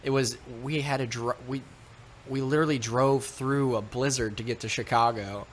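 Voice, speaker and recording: A man from Texas, telling a story in casual podcast chat, animated and swearing often. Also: medium pitch, moderate pace, slight background noise. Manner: animated, swearing, acts out quoted voices. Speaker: podcast co-host.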